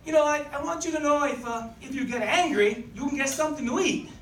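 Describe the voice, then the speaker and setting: A man voicing a friendly old Italian restaurant owner who talks slowly and rambles, in a stand-up impression. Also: very high-pitched, a bit bright, distant mic, a little hiss or hum. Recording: roomy club, mic heard from afar.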